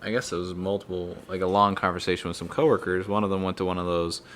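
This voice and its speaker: A young man from Kentucky co-hosting a casual chat podcast, rambling and halting, and joking at his own expense. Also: low voice, level tone, a bit bright, slight background noise. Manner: rambling, halting, self-deprecating. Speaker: podcast co-host.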